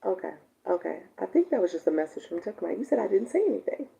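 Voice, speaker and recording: A woman's voice: mid-range voice, big pitch swings, fast, gravelly, warm tone. A woman coaching on a live stream in a casual chat, laughing often as she reads out viewer comments. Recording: dull lo-fi stream audio.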